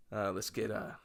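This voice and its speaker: A young man hosting a solo podcast, rambling through comic stories and acting out scenes in yelpy high voices, self-mocking and loose. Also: gravelly, a bit bright. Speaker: podcast host. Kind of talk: solo comedic podcast monologue.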